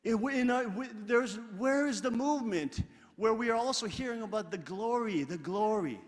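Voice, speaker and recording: A man with a high voice preaches in a large hall, and his words ring out with a long reverb. He speaks emphatically, piling up repeated phrases and pushing them louder as he builds. It is sermon delivery, unscripted and earnest. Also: animated, normal speed. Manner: emphatic, repetitive, building to loud peaks. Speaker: religious leader.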